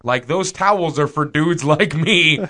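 A man's voice: fairly high pitch, unhurried, bright, forceful tone. A man co-hosting a casual podcast, giving advice thoughtfully and joking about himself. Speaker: podcast co-host.

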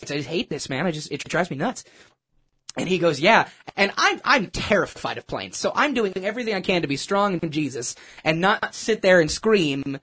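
Animated man telling a faith story. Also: fairly high pitch, husky. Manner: animated, self-mocking, many restarts. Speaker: churchgoer sharing a testimony. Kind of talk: casual storytelling.

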